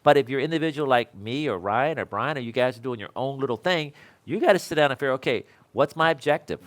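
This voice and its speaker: An older man in his sixties teaches other instructors in a loose, conversational way. He rambles through anecdotes and pokes fun at himself, with an everyday mid-range pitch. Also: expressive, fast. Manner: rambling, self-deprecating storyteller who laughs often. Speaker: electrical code instructor. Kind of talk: casual talk to fellow instructors.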